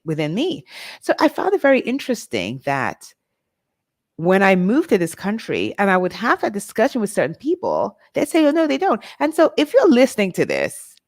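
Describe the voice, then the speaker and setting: With a medium-pitched voice, this middle-aged vlog host from Nigeria talks openly and straight to her audience, reflecting on personal matters. The sound is clean studio audio with no room sound.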